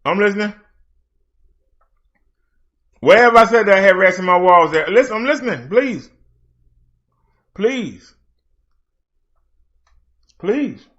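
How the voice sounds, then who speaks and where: A man's voice: high voice, expressive, slow, long pauses, a bit bright, highs cut off. A man hosting a late-night livestream, challenging and mocking an absent critic. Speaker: livestream host.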